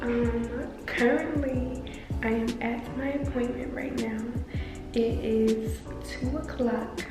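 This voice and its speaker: A woman's voice: a little high, steady tone, takes it slowly, music in the background. Chatty young woman vlogger, echoey. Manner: chatty, talks straight to the camera with filler words. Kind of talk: casual vlog chat to viewers.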